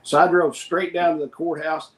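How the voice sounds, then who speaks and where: A man's voice: fairly high pitch, little pitch movement, moderate pace, a bit bright. Man spinning rambling stories, echoey room. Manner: rambling anecdotes, quotes others in plain voice. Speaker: podcast co-host. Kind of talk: casual storytelling chat.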